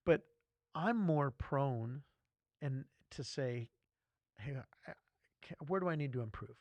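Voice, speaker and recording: A man hosting a casual church podcast discussion, animated and self-deprecating as he tells stories. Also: mid-range voice, unhurried, no echo, highs cut off. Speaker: podcast host.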